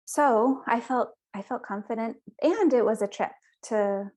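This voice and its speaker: A woman's voice: a little high, a little slow, a little mellow. A young woman guest on a podcast, telling her personal story in an earnest, chatty way. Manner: earnest, chatty, with small restarts.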